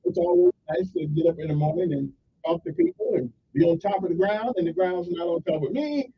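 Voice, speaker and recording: A man's voice: high voice, sing-song, a little fast, vocal fry, slightly rough. A middle-aged man, hosting a casual morning radio show with folksy, rambling asides and jokes. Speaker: radio talk show host. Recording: dull sound from a distance.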